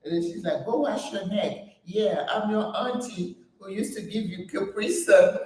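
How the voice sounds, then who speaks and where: An older woman hosting a casual vlog while exercising, chatting and laughing often, with breathy exertion sounds. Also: medium pitch, moderate pace, hardly any pauses, a little mellow, heavy reverb, distant mic, low-quality recording. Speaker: channel host.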